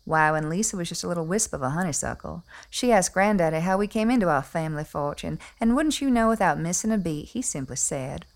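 A woman doing a snooty Atlanta belle, low and gravelly. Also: lively intonation, fairly quick, few pauses. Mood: haughty. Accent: Southern US, Atlanta. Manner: prim, genteel and condescending. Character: snobbish wealthy Southern belle mother, middle-aged, haughty. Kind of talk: comic character monologue.

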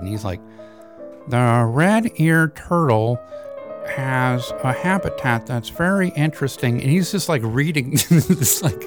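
A man casually recounts a story from his work presenting webinars, chatty and loose, with plenty of "uh" and "like" and little laughs along the way. Music plays clearly beneath his voice. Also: fairly low pitch. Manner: chatty, with fillers and chuckles. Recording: voice over clear background music.

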